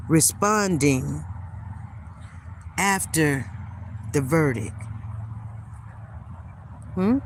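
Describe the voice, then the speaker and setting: A woman's voice: on the low side, a little hiss or hum. A woman hosting a livestream, telling a story emphatically and speaking straight to her viewers in a casual way. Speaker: livestream host.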